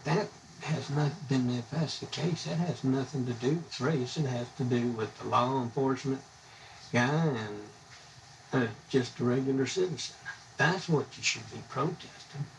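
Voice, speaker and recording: A gravelly-voiced American man with a drawl rants into his live stream, blunt and indignant, wandering from point to point. He sits a little back from the microphone, with a faint hum of background behind him. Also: medium pitch, normal speed, far from the mic, rough recording. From United States. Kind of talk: angry live-stream rant.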